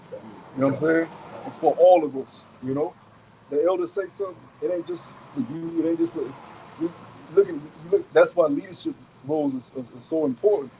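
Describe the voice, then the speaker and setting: A man preaching outdoors to a gathered group, emphatic and profane. He has a somewhat high voice, keeps repeating himself, and throws out rhetorical questions. Light outdoor noise runs underneath. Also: dark tone, poor audio. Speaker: camp elder and teacher.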